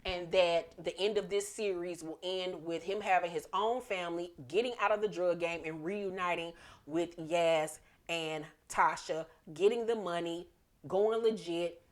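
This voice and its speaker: A woman's voice: on the low side, measured pace. A woman casually recapping a TV episode, chatty and profane, acting out the characters' lines as she goes. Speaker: TV episode reviewer.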